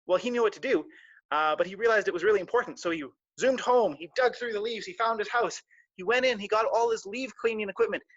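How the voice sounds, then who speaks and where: A man telling a children's story on a live stream, animated and full of sound effects. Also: high-pitched, dry recording. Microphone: live stream mic. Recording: dull, dry lo-fi stream audio.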